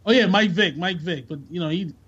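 A man's voice: high-pitched, brisk, a bit bright, breathy edge. A man chatting casually about sports on a podcast, laid-back and slangy, rambling from one thought to the next. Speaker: podcast co-host. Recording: dull lo-fi sound.

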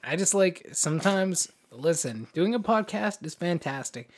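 Thirties dude rambling on a podcast, laughs a lot, voice swings up and down. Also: male voice, high voice, lively intonation, unhurried. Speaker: podcast co-host. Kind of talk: casual chat.

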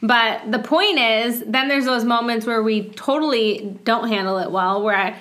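A woman in her thirties co-hosts a podcast, chatting casually with lots of "like" and acting out quoted voices. She speaks a little slowly in a fairly high, slightly bright voice.

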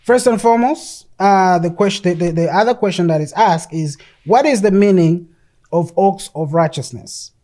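Preacher giving a sermon, middle pitch, keeps restarting and repeating words, emphatic. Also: normal speed, mellow. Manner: reads passages aloud from an article and scripture.

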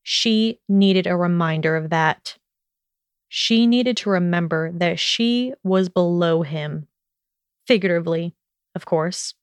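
Slow, smooth-voiced woman reading a story. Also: fairly low pitch, dry recording. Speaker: narrator.

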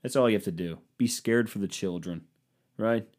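A man's voice: lowish voice, moderate pace, darkish tone. A man hosting a podcast, delivering a rambling, sarcastic comedic monologue with casual swearing. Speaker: podcast host.

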